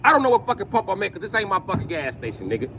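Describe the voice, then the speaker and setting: Brash vlogger, a man with a higher voice, ranting crudely with steady car noise behind. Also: very fast. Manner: blunt, crude, emphatic. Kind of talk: profane ranting monologue.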